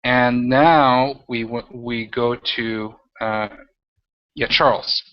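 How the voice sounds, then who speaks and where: A man narrating as game master of a tabletop role-playing game, talking in halting, rambling bursts with many restarts. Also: mid-range voice, fairly even intonation. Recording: dull lo-fi audio.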